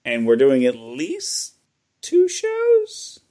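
A man's voice: on the high side, huge pitch swings, extremely slow, warm tone. An American man co-hosting a podcast, chatting loosely and joking, with lots of fillers and restarts. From United States. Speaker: podcast co-host. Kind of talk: casual chat.

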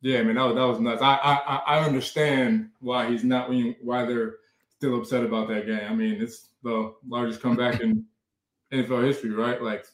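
An easygoing man in his thirties, a guest on a sports talk show, answers in a relaxed, unhurried way. His middle-pitched voice carries a noticeable room echo. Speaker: guest, pro football player. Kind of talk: casual interview talk.

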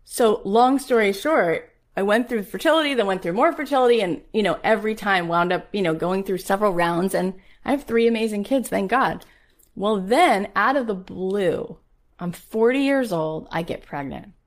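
A woman's voice: mid-range voice, lively intonation, normal speed. A woman in her forties hosting a podcast, telling a personal story in an emphatic, motivational way and asking rhetorical questions. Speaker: podcast host.

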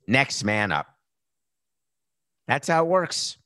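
A man's voice: lowish voice, moderate pace, a bit bright, dry recording. A middle-aged man hosting a sports talk show, giving a brash, sarcastic monologue with a tired, sore voice. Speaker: podcast host.

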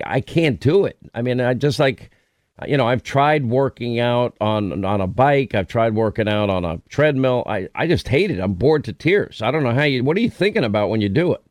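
A man's voice: mid-range voice, expressive, moderate pace, no echo. A middle-aged man hosting a talk radio show, bantering and teasing his co-workers on air. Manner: teasing, joking.

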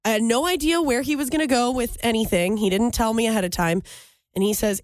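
A woman's voice: on the high side, fast talker, no room sound, clean studio sound. A woman co-hosting a radio show, chatty and giggly as she tells stories. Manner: giggly, animated storyteller. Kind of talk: casual radio banter.

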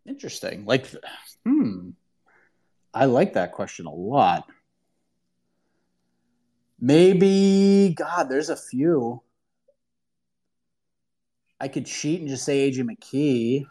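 A man's voice: medium pitch, big pitch swings, slow pace, long pauses, dark tone, slightly rough. A man hosting a casual sports talk call-in show, opinionated and emphatic, often repeating himself for emphasis. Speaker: podcast host answering callers.

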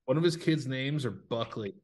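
A man's voice: medium pitch, animated, moderate pace, darkish tone. A man co-hosting a podcast in easy, laid-back banter, with plenty of "like" fillers. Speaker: podcast co-host.

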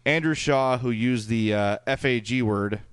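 A male hockey podcast co-host with a Chicago accent talks in a smooth, resonant, middle-pitched voice, unhurried and easygoing. Recorded dry and close with no echo, he chats casually and reads listener emails, rambling with plenty of fillers and restarts.

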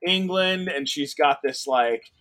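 A young adult man chatting casually as a podcast guest, rambling with lots of fillers and restarts and getting excited. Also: a little high, slow. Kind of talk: casual chat.

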